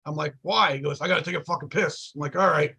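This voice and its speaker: A man's voice: on the high side, fast, sharp tone, breathy edge. A man telling a profane story in casual chat, acting out the quoted lines as he goes. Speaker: podcast guest.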